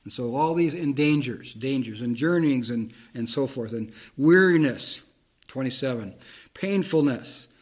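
A man's voice: mid-range voice, lively intonation, unhurried, a little mellow, slightly rough. A man preaching a Bible-teaching sermon, reading verses aloud and explaining them plainly, with fillers and restarts.

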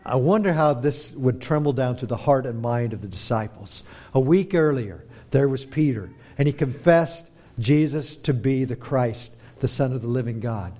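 A man preaching a sermon, dramatic, moving between hushed, slow emphasis and forceful rises. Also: medium pitch.

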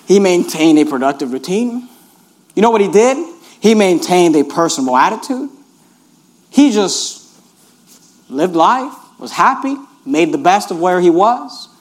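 Animated high-voiced male pastor preaching. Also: normal speed. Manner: animated and repetitive, keeps urging "notice". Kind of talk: sermon.

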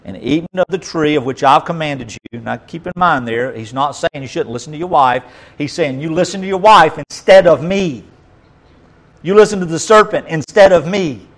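A man's voice: a little high, low-quality recording. Man preaching with dramatic emphasis. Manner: dramatic reading with sudden loud emphasis and quiet asides. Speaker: pastor. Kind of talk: sermon reading scripture.

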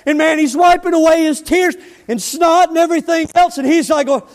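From the pulpit comes a man's notably high-pitched voice, moving at a slightly quick clip as he preaches. The pastor relaxes into stories and lowers to soft, serious words for his key points. A long church echo follows every phrase.

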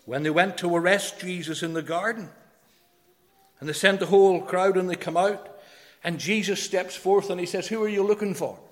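A man preaching a sermon, emphatic, swinging between loud declarations and hushed phrases. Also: sits high, fairly even intonation, normal speed. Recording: long hall reverb.

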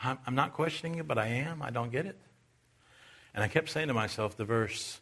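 Male Baptist preacher, bright forceful tone, preaching in a church. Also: a little fast. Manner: rises to loud, high-pitched preaching, then drops to quiet storytelling. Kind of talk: sermon.

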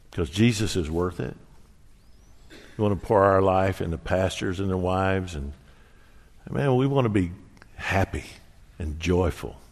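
A man in his sixties preaches from the pulpit, telling personal stories with folksy humor. His voice sits low. The sound rings out with the long reverb of a big hall. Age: 60s. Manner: storytelling, animated, folksy humor. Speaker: pastor. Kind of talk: sermon.

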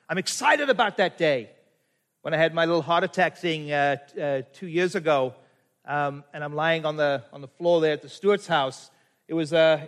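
A middle-aged man with a high voice preaches a sermon. He is from Canada, and he quotes scripture as he goes and keeps asking his listeners rhetorical questions. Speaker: pastor.

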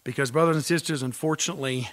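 A man's voice: mid-range voice, racing. A man pastor preaching an expository sermon, emphatic and full of rhetorical questions. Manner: emphatic, rhetorical questions, repeats key phrases.

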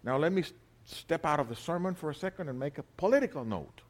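A man preaching a sermon, swinging between loud emphasis and quiet asides and arguing with imagined questioners. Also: fairly high pitch, lively intonation, fast talker. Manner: rhetorical back-and-forth questions.

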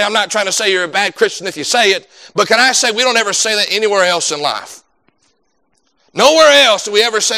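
A pastor praying and then preaching a sermon, fervent and emphatic, rising to loud bursts. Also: male voice, high voice, fast, creaky, low-quality recording.

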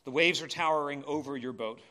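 A man preaching a sermon in a church, impassioned, swinging between urgent cries and quiet asides. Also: fairly high pitch, a little fast. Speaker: pastor.

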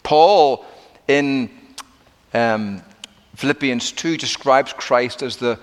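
Emphatic preacher in a reverberant hall. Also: male voice, medium pitch. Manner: emphatic preaching with dramatic slowdowns and drops to a hush. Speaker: pastor. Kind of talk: sermon.

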